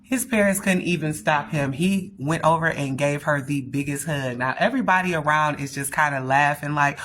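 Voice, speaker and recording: A woman telling a spooky story in a lively, expressive way, talking straight to the listener. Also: low voice, moderate pace, hardly any pauses. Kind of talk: dramatic scary story narration.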